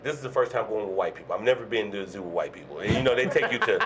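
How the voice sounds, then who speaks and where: A man's voice: fairly low pitch, racing, over a noisy crowd. A man in his thirties, a guest comedian telling a story in casual chat, swearing a lot and acting out what people said. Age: 30s. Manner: animated storyteller, heavy swearing, acts out quotes.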